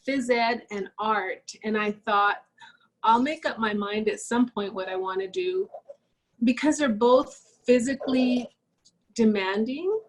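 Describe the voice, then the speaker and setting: A woman's voice: fairly high pitch, poor audio. A woman art instructor talking casually while she draws, musing aloud with fillers. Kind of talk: casual talk while drawing.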